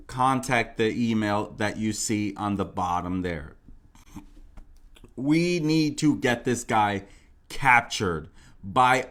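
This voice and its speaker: Male true crime host, casual and rambling, repeats himself with filler words. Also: mid-range voice. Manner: repetitive, rambling, full of "you know" and "like".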